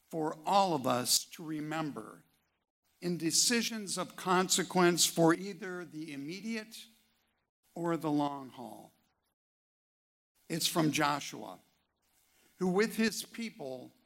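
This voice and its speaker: Slow gravelly male preacher. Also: on the high side, fairly bright tone. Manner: rhetorical questions, slow emphatic delivery; reads scripture quotes aloud. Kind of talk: sermon.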